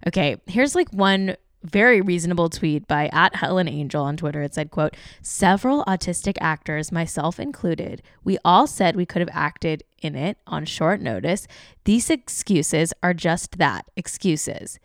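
Chatty, sarcastic woman host, low voice. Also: expressive, unhurried, no room sound, clean studio sound. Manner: chatty, sarcastic, many fillers. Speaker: podcast host. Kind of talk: casual celebrity gossip commentary.

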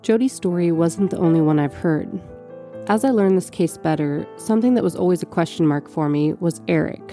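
A woman host reading scripted narration in a measured way. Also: lowish voice. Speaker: podcast host. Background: soft guitar music.

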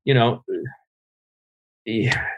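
Speaking extremely slowly, a middle-aged New Jersey man appears as a podcast guest, swapping frank, profane stories of his youth and poking fun at himself in a casual interview. There's slight background noise.

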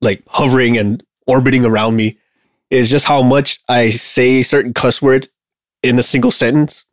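A man's voice: mid-range voice, steady tone, normal speed, dry recording. Loose rambling man, dry sound. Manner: rambling, loose, filler-heavy. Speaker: podcast co-host. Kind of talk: casual chat.

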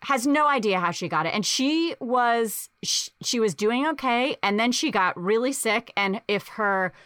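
A woman's voice: a little high, animated, a little slow, a bit bright, clean tone, no room sound, studio quality. A woman hosting a casual conversation, chatty and full of fillers.

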